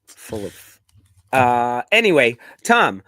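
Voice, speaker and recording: A man's voice: mid-range voice, very animated, takes it slowly, fairly bright tone, no room sound, studio quality. A man co-hosting a football fan show, joking through casual banter and laughing often. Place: live-streamed show.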